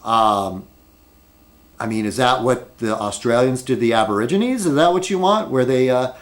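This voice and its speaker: A man's voice: medium pitch, animated, normal speed. A man rambling at his desk in an opinion video blog, arguing with many rhetorical questions and fillers. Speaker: video blogger.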